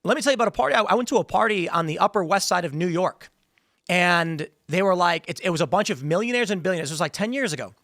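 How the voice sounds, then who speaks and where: A man's voice: sits high, animated, quick pace, a bit bright, no room sound, studio quality. A man hosting a podcast, telling anecdotes in a casual, rambling way that often restarts sentences. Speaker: podcast host. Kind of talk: casual political chat.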